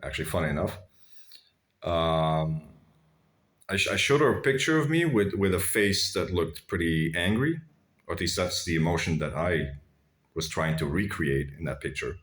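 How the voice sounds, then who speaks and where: A man's voice: sits low, lively intonation, moderate pace, fairly bright tone. A man telling blunt, crude personal stories to his viewers in a rambling, casual way, calling them guys. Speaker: vlogger. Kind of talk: casual storytelling to camera.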